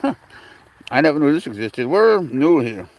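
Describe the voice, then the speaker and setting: A man's voice: a little high, big pitch swings, moderate pace. A man rambling casually on a live stream from an outdoor park, greeting viewers and talking to his cat through a handheld phone. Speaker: livestream host.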